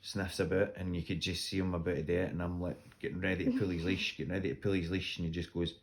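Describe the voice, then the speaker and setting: Scottish guy with a really low voice, chatty storytelling about his dog, laughs a lot. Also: level tone, quick pace, gravelly, a little hiss or hum. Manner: laughing often, acts out voices in anecdotes. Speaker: dog owner telling stories. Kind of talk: casual storytelling.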